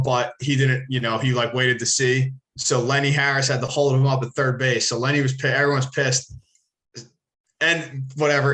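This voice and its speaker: Man from the Philly area, mid-pitch voice, loose and profane, rambles and restarts mid-sentence. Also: fairly bright tone. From Philadelphia area. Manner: rambling, profane, self-correcting. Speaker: podcast co-host, former ballplayer. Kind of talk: casual storytelling.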